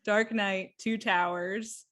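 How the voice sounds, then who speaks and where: A woman co-hosting a podcast, chatting about a book in an excited, rambling way with quick bursts. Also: mid-range voice. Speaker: podcast co-host. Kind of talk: casual book chat.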